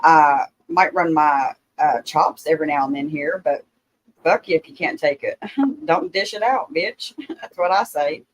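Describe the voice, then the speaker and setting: A man's voice: a little high, a little slow, low-quality recording. A man joining a casual chat, blunt and profane in his talk.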